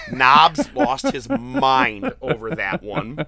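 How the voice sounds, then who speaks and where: A man hosting a casual podcast chat, retelling jokes with excited, profane laughter. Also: a little high, drawn-out words, creaky, a crowd in the background. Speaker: podcast host. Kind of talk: casual chat recapping an event.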